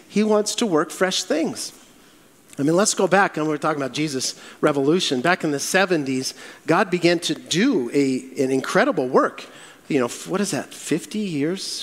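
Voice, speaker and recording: A male pastor preaching a sermon, acting out Bible quotes in a lively way. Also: high-pitched, big-room sound.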